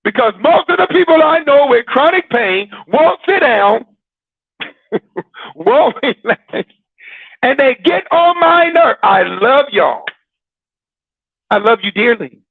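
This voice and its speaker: High-voiced man preaching over a tinny line. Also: very animated, measured pace, vocal fry, dry recording. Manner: teasing and preachy, laughing often, with dramatic repetition. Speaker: host of a Christian broadcast. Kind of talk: sermon-like casual talk.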